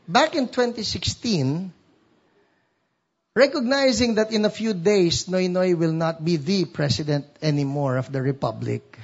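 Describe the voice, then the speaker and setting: A man with a Filipino accent preaching a sermon as pastor, telling a story in an animated way. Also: a little high, gravelly, slightly rough, dull audio. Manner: storytelling, animated, code-switching.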